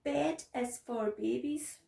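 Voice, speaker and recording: Woman playing a cross little girl, shouting refusals, storybook, echoey room, distant mic. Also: high-pitched, takes it slowly, vocal fry, heavily acted.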